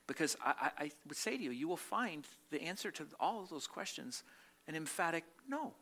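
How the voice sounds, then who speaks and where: A man preaching a sermon, asking rhetorical questions and repeating phrases, moving between loud emphatic stretches and quiet, slowed reflective ones. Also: fairly high pitch, big pitch swings. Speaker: pastor.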